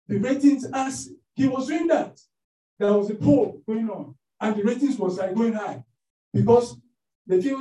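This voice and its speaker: Male preacher, sermon storyteller, warm and mellow, animated, recorded from afar in a roomy hall. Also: very high-pitched, moderate pace. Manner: animated storytelling with many fillers. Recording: echoey room, mic at a distance.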